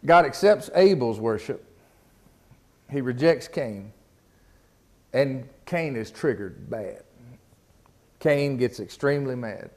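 A man's voice: mid-range voice, animated, takes it slowly, pauses often, darkish tone. A man preaching a sermon in a folksy, casual way, often repeating words and asking the congregation questions. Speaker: pastor. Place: church.

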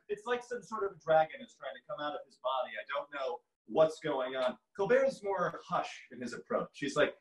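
A man's voice: on the high side, very animated, brisk, few pauses, reverberant, low-quality recording. A young man doing a stand-up impressions set from home, with a radio-announcer voice and dry jokes. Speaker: comedian. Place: at home, filmed by his mother.

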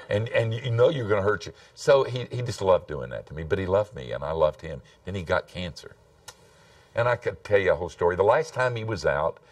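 A man's voice: sits low, no echo, far from the mic. An older man, telling stories in a folksy, self-deprecating sermon. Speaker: preacher. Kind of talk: storytelling sermon.

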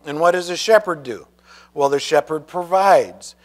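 A man's voice: a little high, normal speed. A male pastor preaching a sermon who reads scripture aloud and asks the congregation questions.

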